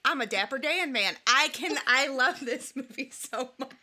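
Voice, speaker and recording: A woman co-hosting a podcast, talking casually into her microphone. Her voice is bright and a little high, and she rambles along in an animated, joking way. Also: normal speed. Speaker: podcast co-host. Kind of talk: casual chat.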